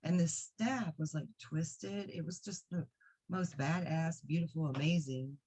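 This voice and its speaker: Her voice is low, dark, a little slow, and edged with breath. A psychic reader and video diarist, she tells a personal experience to camera earnestly and rambling, full of fillers, on a dull lo-fi recording.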